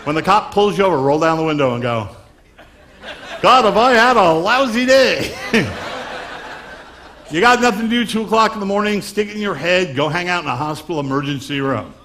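A man's voice: fairly high pitch, fairly bright tone, a little hiss or hum. A man from Long Island doing a stand-up comedy magic act, wisecracking patter on stage before a live audience. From Long Island, New York.

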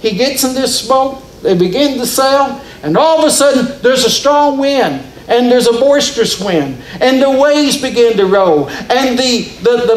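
High-voiced, slow-preaching man. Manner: storytelling preaching with rising and falling emphasis. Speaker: pastor. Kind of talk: sermon. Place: church sanctuary. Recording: roomy church echo.

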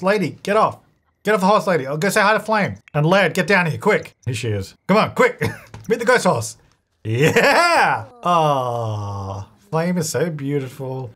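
Man, casual game commentary, lively up-and-down voice, somewhat high, chuckling, chats with characters. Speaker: gaming video host. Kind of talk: casual let's-play commentary.

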